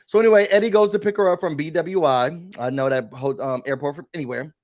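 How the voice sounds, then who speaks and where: Talking fast in a high-pitched voice, a man hosts a casual reality show recap. He's animated and gossipy, slipping into impressions of the cast as he goes.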